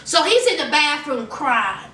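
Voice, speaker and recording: A high-voiced woman recaps a reality show in an animated, chatty style and talks right to her viewers. Her tone is bright and sharp. She sits back from the mic in an echoey room. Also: measured pace, far from the mic, slight background noise. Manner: animated, talks straight to viewers, retells scenes. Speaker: recap vlogger.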